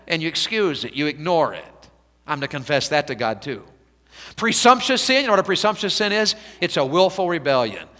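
A man preaching a revival sermon with a high, bright, ringing voice. He swings from hushed, slow pleading to loud exhortation that climbs even higher. The sound carries a long reverb from a church hall. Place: church sanctuary.

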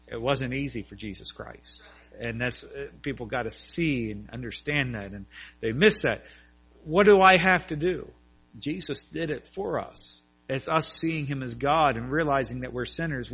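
A man's voice: a little high, pushed and bright. A male pastor preaching a sermon, telling an illustration with earnest, at times fervent emphasis.

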